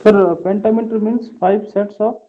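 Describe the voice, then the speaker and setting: A man's voice: high-pitched, fairly even intonation, normal speed, phone-quality sound. A male student answering his teacher in class, speaking politely in short replies.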